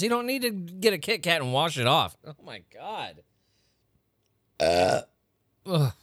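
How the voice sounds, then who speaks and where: A man's voice: fairly high pitch, a bit bright, no room sound, studio quality. A man hosting a weird-news podcast, ranting casually with lots of profanity and incredulous outbursts. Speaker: podcast host. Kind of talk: casual comedic rant.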